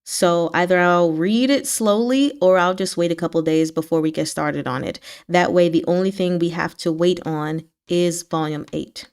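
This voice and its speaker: A woman hosting a book club livestream, chatting casually and answering her viewers' comments, with sudden jumps up in pitch. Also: normal speed, hardly any pauses, smooth. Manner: chatty, animated pitch swings, talks back to chat.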